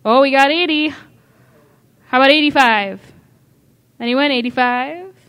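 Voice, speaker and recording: A woman with a high voice calls bids at a charity auction. She paces herself slowly and steadily, repeats each amount, and coaxes the crowd to go higher. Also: a bit bright. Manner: brisk, repeats bids, coaxing. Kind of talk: live charity auction calling.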